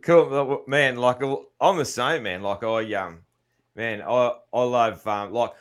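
A man hosting a podcast, chatting with his guest in an easygoing, halting way. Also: mid-range voice, clear, resonant tone. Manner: easygoing, friendly, halting with fillers. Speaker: podcast host. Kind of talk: casual interview chat.

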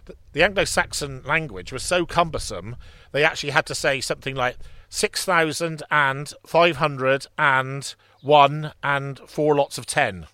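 Rambling bright-voiced man on a podcast. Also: a little high, a little slow, no echo. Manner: rambling, many restarts and fillers. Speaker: podcast co-host. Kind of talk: casual history chat.

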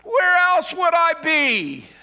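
A preacher doing a calm, earnest young boy. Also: very high voice, normal speed, pitched above the performer's own voice, full character voice. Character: calm, earnest twelve-year-old boy.

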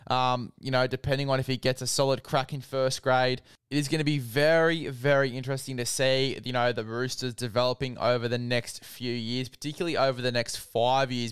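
A young Australian man talking sport in a loose, rambling way, circling back over the same phrases. His voice is smooth and clear, and the sound is dry and close. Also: mid-range voice, dry recording. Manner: rambling, repeats phrases, says mate a lot. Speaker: podcast host. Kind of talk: casual sports chat.

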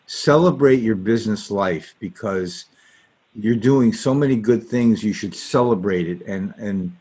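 Male host, low-pitched, husky, hesitant questions. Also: measured pace, darkish tone. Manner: rambling, hesitant with fillers. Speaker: interview host. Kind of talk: podcast interview.

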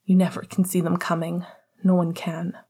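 A woman voicing a young man who is dazed and quietly worried, speaking flatly. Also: fairly low pitch, normal speed, husky. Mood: flat subdued. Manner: flat, subdued.

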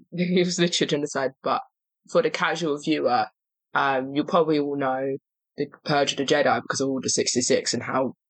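Podcast co-host, husky voice, dry close sound, chatty, emphatic. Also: medium pitch, no room sound, rough recording. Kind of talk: casual chat.

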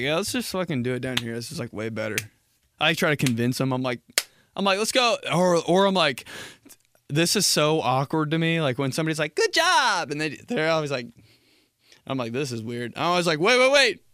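A man's voice: medium pitch, a bit bright, dry recording, studio quality. Profane young man riffing on a podcast. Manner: rambling, profane, acts out quick mock exchanges. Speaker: podcast host. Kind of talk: casual comedic monologue.

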